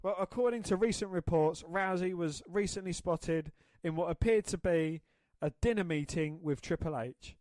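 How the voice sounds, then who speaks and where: A man's voice: high voice, normal speed, few pauses, darkish tone, no room sound. A man co-hosting a casual podcast, eagerly giving opinions and reading news. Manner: eager, opinionated, says mate. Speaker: podcast co-host.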